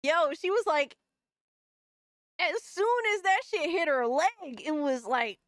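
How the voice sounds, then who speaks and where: A woman's voice: high voice, expressive, takes it slowly, a bit bright, no room sound, clean studio sound. A woman hosting a casual livestream, chatting in loose, profane slang and often breaking into laughter. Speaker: livestream host.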